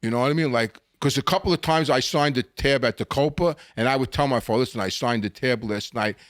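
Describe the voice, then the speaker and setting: An older man spins his stories in a lively, animated way, jumping in pitch when he acts out what people said. His voice is close and dry, with no room sound around it. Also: quick pace, no room sound. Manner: animated storyteller acting out quotes, frequent restarts. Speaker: guest. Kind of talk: storytelling interview.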